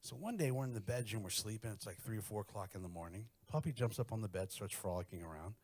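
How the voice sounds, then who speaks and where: A middle-aged man doing a stand-up comedy set, telling crude stories in a brash, animated way. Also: fairly low pitch, fast.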